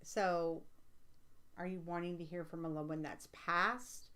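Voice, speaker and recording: An American woman with a somewhat low-pitched voice chats with her live-stream viewers as a psychic reader. She rambles in a loose, casual way, dotted with fillers, and she gets emphatic when something excites her. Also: unhurried. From United States. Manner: chatty and rambling, with many fillers. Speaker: livestream host and psychic reader. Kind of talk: casual livestream chat, answering viewer comments.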